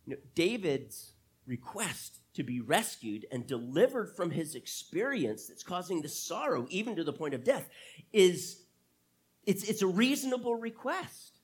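Man preaching with a lively, swooping voice. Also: high-pitched, slightly rough. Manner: emphatic preaching with rhetorical questions and drawn-out phrases. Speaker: pastor. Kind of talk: sermon.

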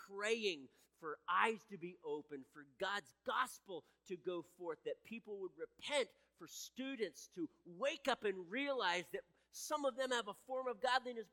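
A man delivering a sermon with a bright, forceful voice that builds in earnest intensity. He often stops and restarts his sentences. The sound carries a long reverb from a large hall. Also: high-pitched. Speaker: pastor.

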